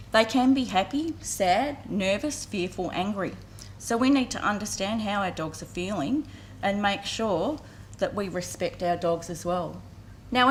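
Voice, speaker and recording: A woman's voice: mid-range voice, a little hiss or hum. An Australian woman in her forties giving an earnest public talk at a community campaign launch, telling a story to an audience. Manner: earnest storytelling, acts out voices briefly. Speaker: community vet care speaker. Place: outdoor event with audience.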